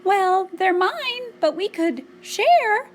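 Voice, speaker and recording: A woman voicing a small, timid but clever female mouse in a squeaky, high, pleading voice. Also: big pitch swings, takes it slowly, darkish tone, slight background noise, full character voice.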